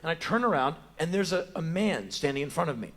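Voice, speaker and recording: A man's voice: a little high, fast talker. Emphatic American man telling stories on stage. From United States. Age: 40s. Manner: emphatic, deadpan storytelling. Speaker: spoken word performer. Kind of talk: live spoken word storytelling. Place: theater stage.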